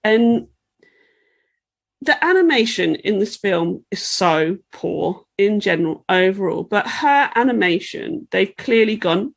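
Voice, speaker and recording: A woman's voice: mid-range voice, expressive, slow, creaky. A woman co-hosting a casual podcast chat, ranting and swearing freely, often sliding into mocking impressions. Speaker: podcast co-host.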